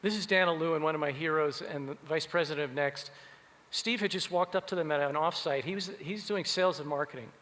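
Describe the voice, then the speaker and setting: A man giving a keynote talk, telling stories in an animated way. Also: on the high side, a little fast. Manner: animated, acts out quoted voices. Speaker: keynote speaker. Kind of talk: keynote storytelling. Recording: long hall reverb.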